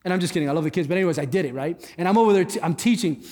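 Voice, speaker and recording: Male guest pastor, higher register, conversational sermon with jokes; long hall reverb, faint music under. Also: rapid-fire, darkish tone. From Cuba. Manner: conversational, joking asides. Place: church hall.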